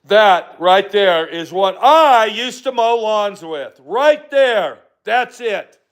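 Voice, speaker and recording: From his workshop, an older man with a high-sitting voice and lively intonation rants profanely at his live-stream viewers, speaking slowly and firing back at their comments.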